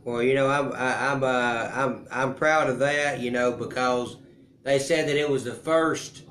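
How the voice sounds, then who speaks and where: A man hosting a casual interview who asks halting, hesitant questions. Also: mid-range voice, fairly even intonation, a bit bright, a little hiss or hum. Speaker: interview host. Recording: echoey room.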